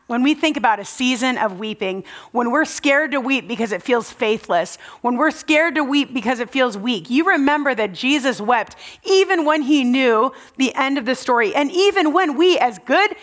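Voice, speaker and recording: A young woman preaching a sermon, telling the story earnestly and dropping to a soft, low voice at tender moments. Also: animated, moderate pace.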